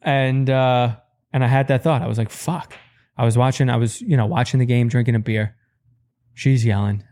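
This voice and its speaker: A man's voice: medium pitch, a little fast. A man in his thirties doing a stand-up comedy set, telling rambling, profane stories and jumping his voice up to act out quotes. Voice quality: profane, rambling storytelling with animated voice jumps.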